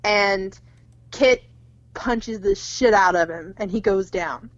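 A woman's voice: medium pitch, slow, no room sound, highs cut off. A young woman co-hosting a podcast, casually retelling a movie plot with lots of "like" and quoted lines, swearing freely. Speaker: podcast co-host. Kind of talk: casual movie recap chat.

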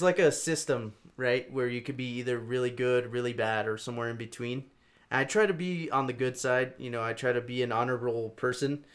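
A young man in casual chat, rambling through stories with lots of swearing, fillers and animated bursts. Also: mid-range voice. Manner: rambling, profane, animated storytelling.

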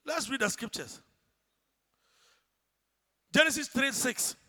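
A man with a Ghanaian accent preaching a sermon, shouting one moment and hushed the next. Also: very high-pitched, expressive, slow pace. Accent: Ghanaian English. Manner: dramatic, swings from shouting to hushed. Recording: church hall reverb.

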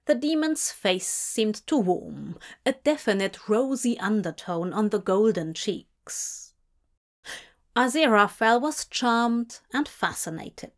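A woman reading a story aloud in a gentle, unhurried storytelling voice. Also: mid-range voice, animated. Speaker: reader. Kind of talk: audiobook-style fan fiction reading.

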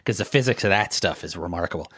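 A man's voice: low voice, lively intonation, quick pace, a bit bright, breathy edge, no room sound, clean studio sound. A man co-hosting a podcast, explaining technology in loose, casual talk full of fillers. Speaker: podcast co-host. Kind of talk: casual tech chat.

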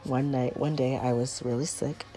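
A woman's voice: very deep voice, steady tone, moderate pace, dark tone. A woman chatting casually and confidingly to her viewers, telling a personal storytime confession. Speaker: storyteller vlogger.

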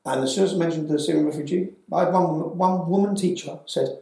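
A man's voice: fairly high pitch, a little fast, creaky, dark tone, very echoey, rough recording. A man telling his story as an interview guest, fervent and pressing, tagging his points with "yeah?". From England. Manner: fervent, tags lines with "yeah?". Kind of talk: heated storytelling.

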